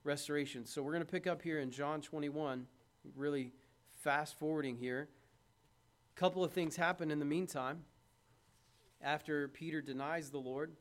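Man, high voice, sermon, conversational, loud then hushed, questions to the pews. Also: steady tone, moderate pace. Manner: conversational preaching, swings from loud emphasis to hushed; asks the congregation questions. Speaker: preacher.

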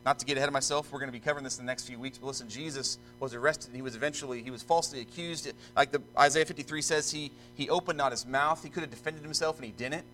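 Earnest preacher man, bright voice. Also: mid-range voice, fairly even intonation, faint music behind, low-quality recording. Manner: solemn, deliberate scripture reading, then earnest preaching with repeated restarts. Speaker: pastor. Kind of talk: sermon with scripture reading. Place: church.

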